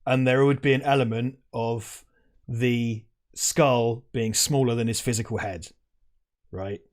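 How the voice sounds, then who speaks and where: A man's voice: medium pitch, steady tone, a little slow. A man riffing casually on a film he is watching, his thoughts wandering and peppered with swearing. He laughs often and talks into a lapel mic. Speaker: film commentary host. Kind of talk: casual watch-along chat. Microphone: lavalier.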